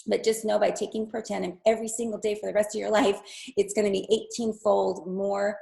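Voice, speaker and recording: Over a video call with poor audio, a wellness presenter pitches a product enthusiastically and persuasively, talking directly to viewers as "you guys" while losing her voice. Her mid-range voice is mellow with vocal fry, little pitch movement, and a slightly fast pace.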